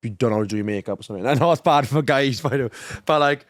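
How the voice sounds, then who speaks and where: A young man talks casually as a podcast co-host, rambling and often restarting his sentences. His voice sits in a middle pitch. The sound is dry and close, with no room echo. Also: fast. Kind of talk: casual chat.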